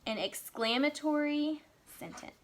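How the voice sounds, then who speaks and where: A woman teaching young children a writing lesson, speaking slowly and clearly and reading example sentences aloud with a lively, excited voice. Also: sits high.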